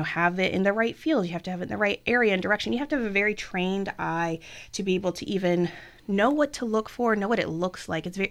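A woman speaks in an enthusiastic, chatty interview manner, full of small fillers and restarts. Her voice carries a gravelly, creaky edge at mid pitch. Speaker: blood services representative. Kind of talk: casual interview talk.

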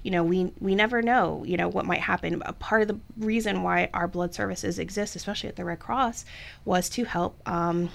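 A woman's voice: fairly low pitch, brisk, vocal fry. A woman talking about her blood services work in a chatty, enthusiastic way, with lots of fillers. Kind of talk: casual interview talk.

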